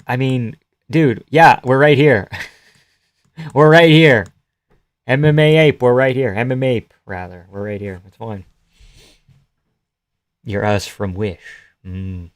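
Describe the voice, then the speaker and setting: A man's voice: medium pitch, smooth, no echo. Joking young Canadian man, dry mic. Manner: joking, swearing, often laughing. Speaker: streamer. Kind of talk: casual live-stream fight commentary.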